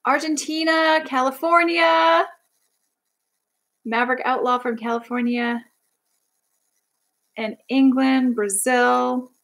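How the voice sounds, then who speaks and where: A woman's voice: sits high, steady tone, slow pace, long pauses, fairly bright tone, poor audio. A young woman from Canada chatting casually on a livestream, bubbly and rambling as she reads out viewer comments. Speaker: livestream host.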